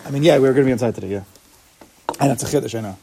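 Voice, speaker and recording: A man's voice: mid-range voice, very fast, creaky, mellow, a little hiss or hum. A man teaching an informal Talmud class, explaining step by step and asking and answering his own questions.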